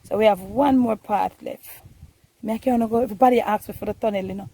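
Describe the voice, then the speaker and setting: A woman's voice: medium pitch, fast talker, warm tone. A woman with a Jamaican accent chatting casually to the camera on a phone while out walking in the countryside. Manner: chatty, coaxing, in Jamaican Patois. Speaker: vlogger. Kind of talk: casual vlog narration.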